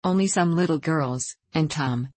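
Earnest country girl, steady and determined, husky low voice, woman reading. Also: measured pace, no echo. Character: plain, resolute young country girl.

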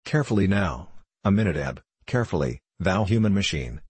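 A man's voice: sits low, expressive, fairly quick, darkish tone, husky, no room sound. A man voicing an intense, obsessed male scientist who speaks impetuously in old-fashioned words, in an audiobook reading. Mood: earnest.

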